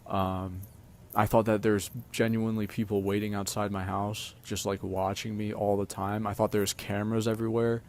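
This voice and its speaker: A young man with a somewhat low voice, telling personal stories in a loose, rambling way. He piles on fillers and casual swearing as he talks straight to his audience. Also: level tone, moderate pace, a little mellow, a little hiss or hum. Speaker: streamer. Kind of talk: casual storytelling monologue.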